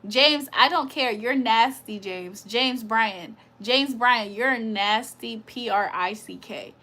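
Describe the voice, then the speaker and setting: Playful woman livestreaming, high bright voice, laughs a lot while reading chat. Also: slow. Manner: playful, laughs often, teasing viewers. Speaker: livestream host.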